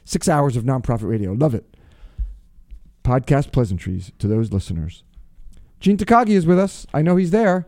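A man hosting a radio show, talking casually and exuberantly, reading out listener shout-outs with playful alliteration. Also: mid-range voice, big pitch swings, normal speed, pauses often, no room sound, studio quality.

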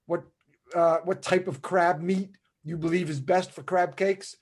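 A man from New Jersey hosting a podcast, talking in a halting way with many "uh"s and a playful, teasing streak. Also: high-pitched, steady tone, a little mellow, breathy edge. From New Jersey, USA. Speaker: podcast host. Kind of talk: podcast conversation.

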